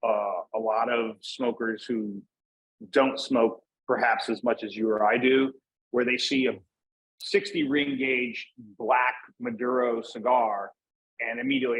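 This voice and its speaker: A man from Northeast Pennsylvania, USA, guesting on a casual interview as a cigar brand manager, talks in an easygoing, rambling way full of "like" and restarts. His medium-pitched voice is steady, a little slow and a bit bright. The recording is rough, with slight background noise.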